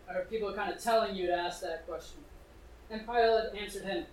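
A man's voice: high voice, steady tone, moderate pace, slight background noise. A male preacher reading scripture aloud and explaining it in a conversational way, with questions put straight to his listeners. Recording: echoey room, distant mic.

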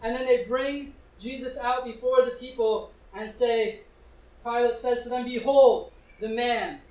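A male preacher with a notably high voice reads scripture and talks it through in a conversational way, putting questions straight to his listeners. He sits back from the mic, and the room gives his words a clear echo. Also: level tone, a little slow, darkish tone. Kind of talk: sermon reading and explaining scripture. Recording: echoey room, distant mic.

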